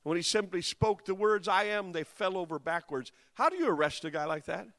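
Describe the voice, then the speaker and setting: Forceful male preacher in an echoing hall. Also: high voice, brisk. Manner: swings from hushed to impassioned cries. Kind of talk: dramatic sermon storytelling.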